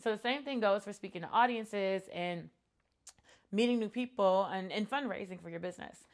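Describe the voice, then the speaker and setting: A woman's voice: medium pitch, moderate pace. A woman in her thirties talking to camera about business lessons, earnest and reflective, with frequent fillers. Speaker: entrepreneur vlogger. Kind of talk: casual talk to camera.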